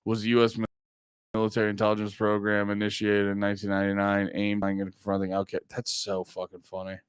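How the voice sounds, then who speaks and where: A man's voice: lowish voice, monotone, quick pace, clean tone, no room sound, clean studio sound. A man streaming and reacting to a documentary, rambling, laughing and swearing in casual commentary.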